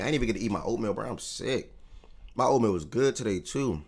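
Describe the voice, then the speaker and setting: A man's voice: fairly low pitch, expressive, fast, a little mellow, husky. A man hosting a casual sports livestream, feeling sick with a strained voice, talking in a laid-back, joking way to his chat. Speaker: livestream host.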